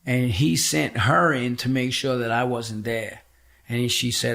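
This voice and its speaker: Gravelly middle-aged man telling a blunt story. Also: medium pitch, steady tone, a little slow, fairly bright tone. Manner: blunt, profane, emphatic storyteller. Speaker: podcast guest. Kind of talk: casual interview storytelling.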